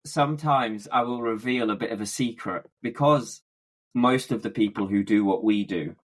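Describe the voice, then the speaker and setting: A man's voice: on the low side, normal speed. A man co-hosting a podcast in casual chat, making wry joking asides. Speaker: podcast co-host.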